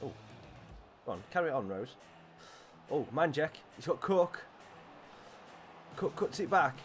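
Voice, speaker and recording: A man's voice: on the high side, measured pace, faint music behind. Jokey man commentating a football game. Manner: jokey, excitable play-by-play, talks to players and referee. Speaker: gaming streamer. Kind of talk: live commentary over a football video game.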